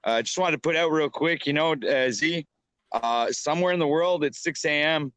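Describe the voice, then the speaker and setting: A man's voice: a little high, moderate pace, fairly bright tone, smooth, dry recording. A man talking as a guest on a live stream, hesitant and heavy with fillers. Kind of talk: casual chat on a call.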